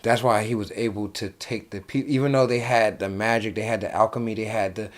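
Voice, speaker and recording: A young man from New Jersey hosting a casual late-night chat, rambling and animated, swearing freely. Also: lowish voice, fairly quick. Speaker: host.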